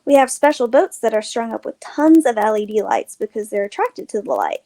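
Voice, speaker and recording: A woman's voice: animated, brisk. A woman doing a breezy, teasing teenage girl. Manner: breezy, confident, higher and louder than the narration. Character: upbeat teenage girl, teasing local fisher's daughter.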